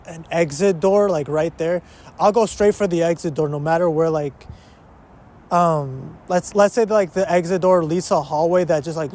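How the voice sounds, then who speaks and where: A young podcast host with a slightly high, darkish voice chats casually by himself from a spot in a big city's uptown neighborhood. His talk rambles and breaks off, peppered with curse words and switches between English and Spanish.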